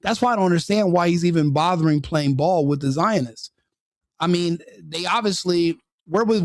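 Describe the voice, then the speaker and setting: A man's voice: a little high, dry recording, clean studio sound. A man hosting a live stream, giving opinionated commentary full of rhetorical questions and repeated restarts. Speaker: streamer host.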